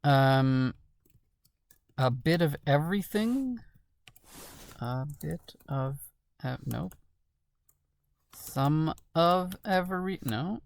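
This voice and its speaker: Slow, very low-voiced woman musing aloud. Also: expressive, darkish tone. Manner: muttering to herself, musing and questioning. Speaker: crossword solver. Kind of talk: thinking aloud while solving a puzzle.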